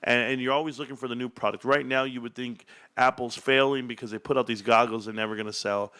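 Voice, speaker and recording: A man hosting an investing chat, telling a store story with lively acted-out dialogue. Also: mid-range voice, fast. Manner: animated storyteller acting out shop dialogue. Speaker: stock channel host.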